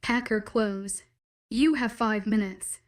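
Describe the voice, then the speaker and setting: A woman's voice: mid-range voice, fairly even intonation, slow pace, natural voice. Woman voicing a stern werewolf guy, clipped orders, audiobook. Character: angry commanding young werewolf man.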